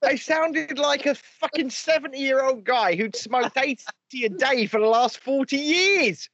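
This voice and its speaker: A man's voice: very high-pitched, measured pace, fairly bright tone, dull audio. A man hosting a casual podcast chat, joking loosely and swearing. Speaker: podcast host.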